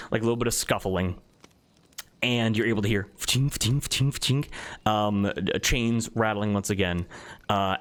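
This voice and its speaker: A man narrating as game master of a tabletop game, describing scenes in a relaxed, descriptive way with many fillers. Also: fairly low pitch.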